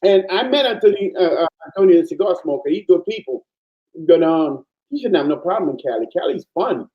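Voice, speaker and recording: A Panamanian man, appearing as a guest in a casual chat, tells stories animatedly and with emphasis. His voice sits high and moves fairly quickly, and the lo-fi audio is muffled.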